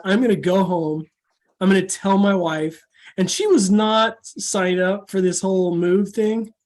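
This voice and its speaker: A man guest speaker on a video call, telling animated anecdotes and acting out the voices of the people in them. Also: high voice. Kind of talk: storytelling talk on a video call.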